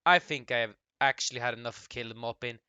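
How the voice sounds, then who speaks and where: A man's voice: mid-range voice, a little fast, pushed and bright, clear, resonant tone, no room sound. A man giving casual reaction commentary, cutting in with blunt, dismissive rebuttals. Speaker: YouTube commentator reacting to a clip.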